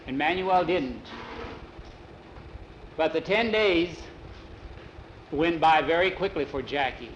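A man's voice: a little high, slow, long pauses. Folksy male storyteller, lo-fi recording. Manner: folksy, conversational, with accented character voices. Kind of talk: oral storytelling with voiced dialogue. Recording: dull lo-fi recording with faint vehicle noise.

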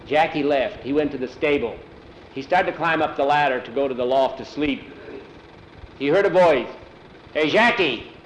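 A man telling a story aloud in a plain, unhurried way and acting out the dialogue himself. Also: medium pitch, reverberant, dull audio, slight background noise. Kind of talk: oral storytelling.

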